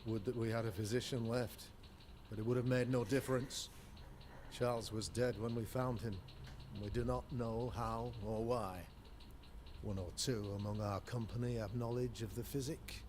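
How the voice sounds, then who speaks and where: An actor playing a pompous middle-aged colonial governor who speaks in a formal, long-winded, courtly way, heard as game audio over ambient noise. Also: male voice, medium pitch, fairly even intonation, normal speed, darkish tone, lightly acted. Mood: stately.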